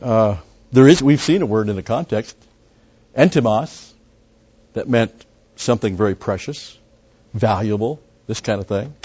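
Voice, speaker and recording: Low-voiced man teaching verse by verse. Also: a little slow, pauses often, darkish tone, slightly rough. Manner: conversational, with frequent asides and restarts; emphatic on key words. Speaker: Bible teacher. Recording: dull lo-fi recording.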